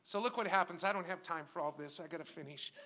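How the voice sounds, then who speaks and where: A man preaching a sermon as a guest speaker, swinging from quiet asides to shouted, drawn-out exhortation, repeating phrases and firing questions at the congregation. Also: a little high. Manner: emphatic, repeats phrases and asks the crowd questions.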